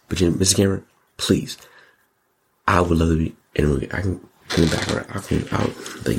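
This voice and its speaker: A man hosting his own show, giving a casual, animated movie review full of slang and repeated words. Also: sits low, a little fast, vocal fry, noisy background. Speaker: show host.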